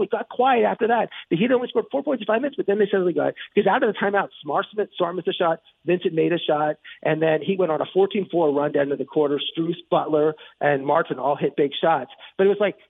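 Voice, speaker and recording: A man with a high, gravelly voice talks through a game recap in an excited, rambling way, circling back and restarting his thoughts. His tone is husky, and the sound is thin and tinny like a phone line on the radio. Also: dry recording. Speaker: sports talk host. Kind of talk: casual sports commentary monologue.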